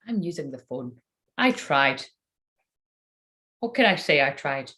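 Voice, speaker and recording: A woman's voice: sits low, big pitch swings, measured pace, long pauses, fairly bright tone. A woman giving a casual live-stream reading. She chats in a self-mocking way, swears freely, and mutters to herself while she fiddles with her phone. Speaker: psychic tarot reader live-streaming.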